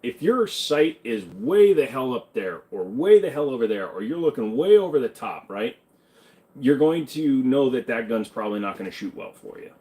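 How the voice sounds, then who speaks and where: A man's voice: medium pitch, sing-song, moderate pace, warm tone. A man hosting a live question-and-answer stream, talking in a loose, rambling way and swearing freely. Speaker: livestream host answering chat questions. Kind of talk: casual livestream Q&A.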